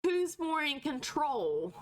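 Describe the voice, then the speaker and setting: A woman streamer reading a webcomic with her husband, giggly and excitable in casual chat. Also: high-pitched, slow.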